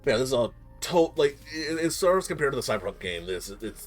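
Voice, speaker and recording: A man's voice: deep voice, a little fast, few pauses, soft background music. A man streaming as game master, chatting casually before the session, rambling and self-mocking, joking and swearing freely.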